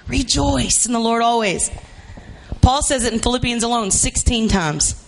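A man preaching a sermon, emphatic and repetitive, rising to shouts for emphasis. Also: very high voice, normal speed, gravelly, a little hiss or hum.

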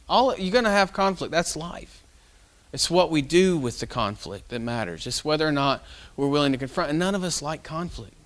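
Folksy, higher-voiced male preacher. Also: fairly bright tone. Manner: folksy, conversational storytelling with fillers. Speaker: pastor. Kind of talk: sermon.

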